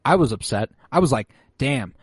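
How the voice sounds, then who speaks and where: A man talking through an episode recap in easygoing chat, his pitch sitting in the middle range. He swears freely and acts out big reactions. The voice sounds dry and close-miked. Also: animated, moderate pace, breathy edge, dry recording. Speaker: podcast host recapping an episode. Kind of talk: casual chat.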